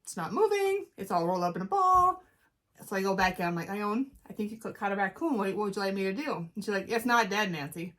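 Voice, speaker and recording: A middle-aged woman from Wyoming co-hosting a casual chat show, telling a story in a relaxed, hesitant way with deadpan quotes. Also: mid-range voice, fast. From Wyoming, USA. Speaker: co-host.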